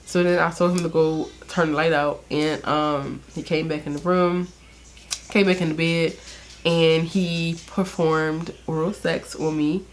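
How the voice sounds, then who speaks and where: Low-voiced young woman telling a story. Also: steady tone, unhurried, a little hiss or hum. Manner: candid, chatty, laughs often, many fillers. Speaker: beauty vlogger. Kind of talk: casual storytime.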